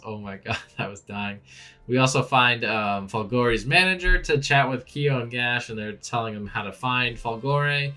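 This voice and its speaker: Recapping a manga chapter in casual chat, a man hosts a reaction and acts out the characters' lines with laughs. His medium-pitched delivery is animated throughout.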